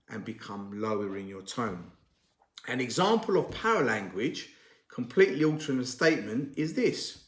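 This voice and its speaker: A man who trains garage staff, giving a measured, deliberate talk to camera and stressing key words as he explains. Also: mid-range voice. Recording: roomy echo.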